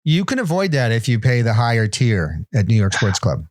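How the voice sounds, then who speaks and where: A man co-hosting a comedy podcast, delivering absurd bits in a dry, deadpan way. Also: mid-range voice, normal speed. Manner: deadpan, plays absurd claims straight. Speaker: podcast co-host. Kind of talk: comedic casual chat.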